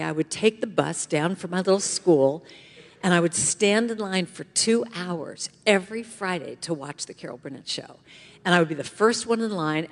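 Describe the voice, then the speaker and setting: Woman guest speaker, middle-aged, lively storyteller, voice ringing in a big hall. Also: lowish voice. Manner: animated storyteller acting out voices. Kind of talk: inspirational talk to a congregation. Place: large church hall. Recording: long hall reverb.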